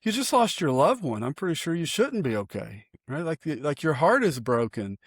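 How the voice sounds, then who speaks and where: A man, a pastor co-hosting a podcast, talking in an earnest, folksy, animated way with frequent restarts. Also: a little high, moderate pace, breathy edge, dry recording, clean studio sound. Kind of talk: casual chat.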